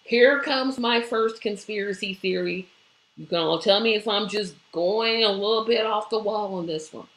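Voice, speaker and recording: A woman hosts a live online show, reacting to viewer comments with emphatic exclamations and rhetorical questions. Her voice is bright and sharp. The echo of the room carries around her words. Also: mid-range voice, normal speed, a little hiss or hum.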